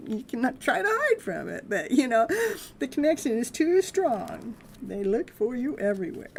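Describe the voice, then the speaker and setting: A middle-aged woman hosting a casual live-stream tarot reading, chatting loosely with viewers and laughing often. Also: sits high. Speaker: live tarot reader and host.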